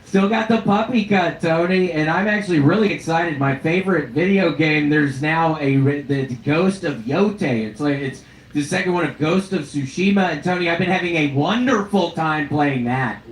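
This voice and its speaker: A man riffing crudely and deadpan as a regular on a live comedy show. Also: on the high side, moderate pace. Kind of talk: comedic banter on a live podcast stage. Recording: echoey room with faint background noise.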